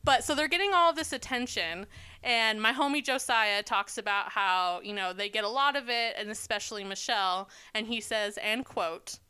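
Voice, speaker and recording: A chatty woman co-hosts a casual podcast, her voice high and bright with a smooth, crisp clarity. She laughs easily and wanders off on tangents. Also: moderate pace. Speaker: podcast co-host. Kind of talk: casual chat.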